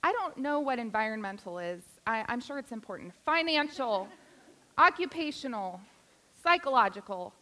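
A woman delivers a sermon in a church sanctuary, mixing teaching with playful, self-deprecating jokes. Her voice is bright and sharp, set a little higher than average. She speaks directly to the congregation, easy and personable. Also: animated, normal speed. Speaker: guest preacher.

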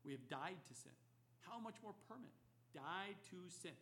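A man's voice: high-pitched, expressive, normal speed, a bit bright, slight background noise. A man preaching an expository sermon, emphatic and repeating key phrases for effect. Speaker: pastor.

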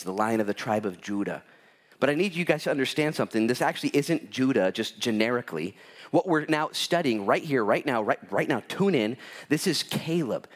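A man pastor preaching a sermon in a church, telling personal stories in an animated, lively way with big swings in pitch. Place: church sanctuary.

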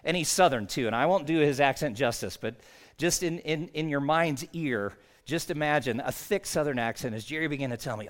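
A man's voice: fairly high pitch, a little fast. A man, a pastor, preaching a sermon in an earnest, conversational storytelling way.

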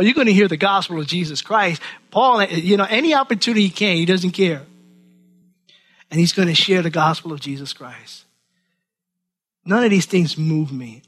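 Animated high-voiced man preaching. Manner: animated, acts out quoted voices, repeats words. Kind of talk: sermon.

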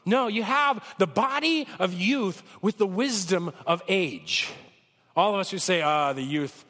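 A man preaching a sermon with a cold, talking conversationally and swinging from loud peaks to soft lows. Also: lively intonation, measured pace, big-room sound. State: has a cold. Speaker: pastor.

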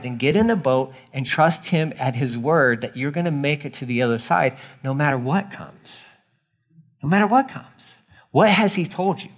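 A pastor delivers a sermon in an easygoing, conversational tone. He leans on repetition, saying his key lines twice to drive them home. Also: medium pitch. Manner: casual, emphatic, repeats key lines.

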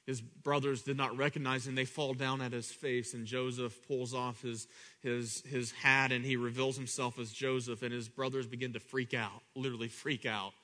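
A man preaching a sermon, swinging between loud high bursts and quiet low asides, often repeating himself and acting out the voices of people in his story. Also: level tone, moderate pace.

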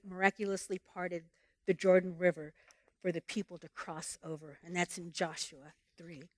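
Expressive woman preaching a sermon. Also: fairly high pitch, no echo. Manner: expressive, slows down when reading scripture aloud.

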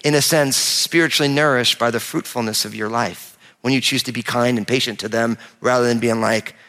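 A middle-aged man from New Jersey preaching a sermon as pastor, lively and conversational, acting out quoted voices as he goes. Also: medium pitch, brisk. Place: large church auditorium. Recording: long hall reverb.

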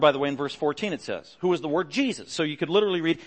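Middle-aged pastor guy preaching, earnest, kinda high-pitched voice, pushes louder on the big points. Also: lively intonation, quick pace, few pauses. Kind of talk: sermon.

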